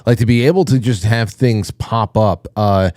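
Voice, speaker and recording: A male podcast host with a mellow, darker voice speaks in a halting way, repeating words before he lands on his question. The recording is dry and close. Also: fairly low pitch, no echo. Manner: halting, repeats words while searching for them. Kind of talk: casual interview.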